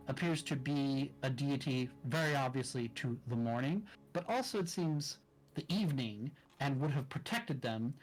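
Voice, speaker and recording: A man narrating as dungeon master in a tabletop game, describing scenes in a deliberate way over a voice call. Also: a little high, low-quality recording. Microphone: discord call mic.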